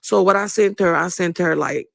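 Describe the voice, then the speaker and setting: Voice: mid-range voice, moderate pace, creaky, fairly bright tone, no room sound. A fan in a played clip, telling a story in a rambling, listy way with restarts. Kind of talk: casual storytelling.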